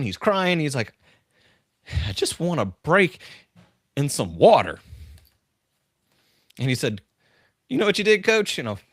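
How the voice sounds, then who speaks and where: A man's voice: fairly low pitch, no echo, studio quality. A middle-aged man who coaches leaders, hosting a live-stream podcast. He speaks earnestly and emphatically, tells stories, and repeats his key points. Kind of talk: live-stream talk with storytelling.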